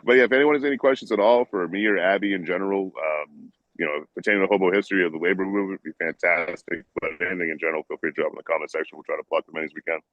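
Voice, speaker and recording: A man's voice: low voice, fairly even intonation, racing, few pauses, dry recording, lo-fi sound. A man who is a guest and streamer, chatting casually in a joking, easygoing way. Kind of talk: casual livestream chat.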